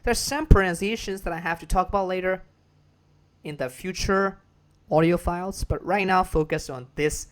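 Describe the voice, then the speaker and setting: A man's voice: high-pitched, moderate pace. A man with a Burmese accent giving a casual spoken English lesson, repeating and restarting phrases and drilling words for listeners to copy. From Myanmar. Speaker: English teacher.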